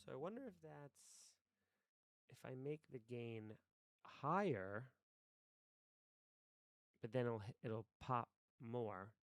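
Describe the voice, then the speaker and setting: A man's voice: medium pitch, slow, pauses often, dry recording, studio quality. A man chatting casually on a live stream, rambling to his chat while adjusting his microphone settings. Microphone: desk microphone.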